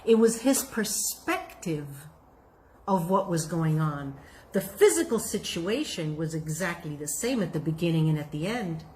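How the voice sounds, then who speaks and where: A woman telling a folk tale in an expressive, reflective way, then drawing out its lesson. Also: deep voice, a little slow, slight background noise. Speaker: storyteller. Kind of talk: folk tale storytelling with a moral.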